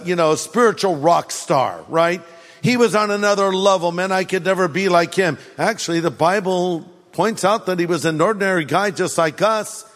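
Animated preacher man, echoing. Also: sits high. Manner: animated preaching, acts out quoted voices. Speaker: pastor. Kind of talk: sermon.

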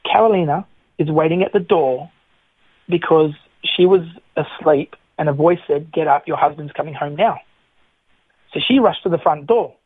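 A man's voice: a little high, moderate pace, slightly rough, no echo. A middle-aged man, telling his personal testimony as a guest, acting out the lines he quotes. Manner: animated storyteller, acts out quoted lines. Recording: tinny phone-line sound.

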